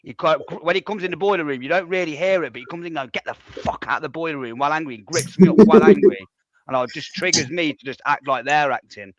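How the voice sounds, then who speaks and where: Male panelist, slightly high voice, blunt and argumentative. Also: dry recording, highs cut off. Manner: blunt, swearing, quick to get heated. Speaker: panel guest. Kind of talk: casual live-stream debate.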